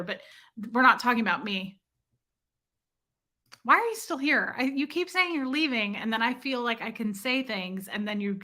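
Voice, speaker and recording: A woman's voice: on the high side, pushed and bright. A woman in her forties hosting a casual livestream, chatting and reading comments with teasing, self-deprecating humor. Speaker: livestream host reading chat.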